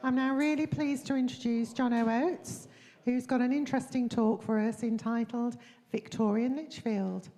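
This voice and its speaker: A woman's voice: fairly high pitch, steady tone, moderate pace, pauses often, mellow. A woman chairing a meeting, politely introducing the next speaker. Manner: polite, formal announcing. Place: meeting hall. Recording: distant voice with long hall reverb.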